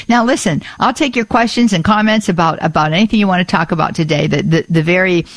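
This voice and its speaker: A woman's voice: on the low side, a little fast, no echo. Chatty woman hosting call-in radio. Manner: chatty and animated, spells out words and repeats phone numbers. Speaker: radio call-in show host. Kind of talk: live call-in radio talk.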